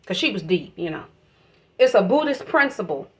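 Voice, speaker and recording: A woman's voice: medium pitch, big pitch swings, moderate pace, fairly bright tone. A woman giving an emotional, preachy spiritual monologue, swearing freely as she talks. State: emotional, voice catching. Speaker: vlogger.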